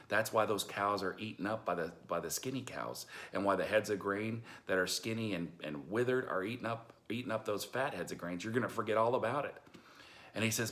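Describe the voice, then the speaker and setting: A man's voice: on the low side, fairly quick, a bit bright. A man retelling a Bible story in a casual, folksy way, acting out the characters in modern slang. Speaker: storyteller preacher.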